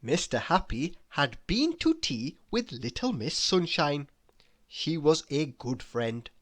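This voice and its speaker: A woman's voice: low voice, big pitch swings, slow. A woman reading a children's story aloud, with playful, teasing asides to the listener.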